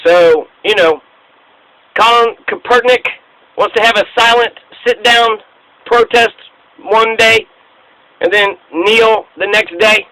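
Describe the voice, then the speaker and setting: A man's voice: high voice, slow pace, long pauses, pushed and bright, no echo, low-quality recording. A man hosting a casual history talk, speaking in a profane, emphatic rant. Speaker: host.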